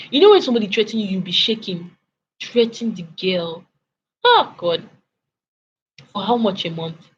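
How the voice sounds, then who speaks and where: A young woman in her twenties with a Nigerian accent, telling a story casually and animatedly as a vlogger, sometimes clearing her throat. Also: mid-range voice. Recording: lo-fi with faint background noise.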